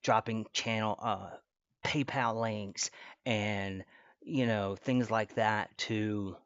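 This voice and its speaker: Low-voiced rambling male stream host. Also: fairly even intonation, takes it slowly, fairly bright tone, dry recording, lo-fi sound. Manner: rambling, many fillers and restarts. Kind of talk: casual commentary.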